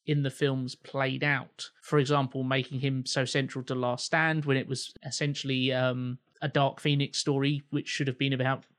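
A man's voice: mid-range voice, little pitch movement, normal speed, hardly any pauses, fairly bright tone, clean tone. A man co-hosting a film podcast, explaining his points in a thoughtful, casual way. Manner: thoughtful, explanatory, chuckles often. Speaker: podcast co-host.

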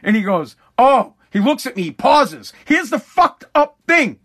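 A man, hosting a casual rant monologue in a profane, animated way, repeating himself as he goes. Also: very high-pitched, normal speed, slightly rough. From Massachusetts.

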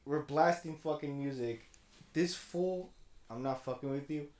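A man's voice: a little high, a little slow. A young man telling a drunk story as a podcast co-host, rambling and profane with many restarts. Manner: rambling and profane, restarts a lot, gets loud when excited. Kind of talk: casual chat, storytelling.

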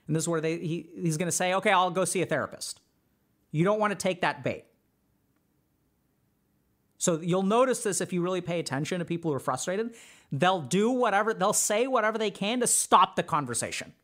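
A man's voice: sits high, lively intonation, brisk, a bit bright. Earnest man giving relationship advice. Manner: conversational, earnest, many fillers. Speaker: podcast host and mental health doctor. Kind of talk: casual advice talk.

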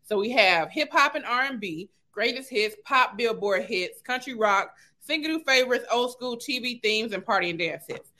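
A woman hosting a game segment, announcing each round in a brisk, upbeat way. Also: a little high, lively intonation, sharp tone. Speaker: host.

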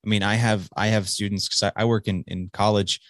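A man's voice: on the low side, flat delivery, a little fast, no echo. A man hosting a show, talking casually in a rambling way with lots of swearing and restarts, recorded close on a dry mic. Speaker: podcast host. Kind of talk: casual chat.

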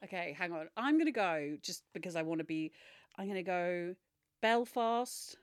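A woman, a quiz guest, who laughs often and thinks out loud with restarts. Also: fairly low pitch, animated, moderate pace, clear, resonant tone, no room sound, clean studio sound. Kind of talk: casual podcast banter.

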